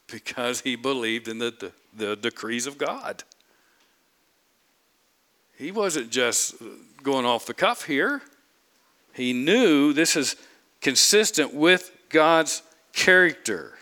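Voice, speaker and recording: A man's voice: mid-range voice, lively intonation, slow, long pauses, pushed and bright. A man preaching a sermon, emphatic, repeating phrases and asking the congregation rhetorical questions. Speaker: pastor.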